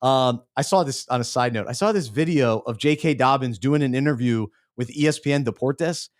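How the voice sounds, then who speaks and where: A man co-hosting a casual podcast, rambling a little and tripping over his words, often dropping low at the ends of lines. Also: brisk. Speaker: podcast co-host.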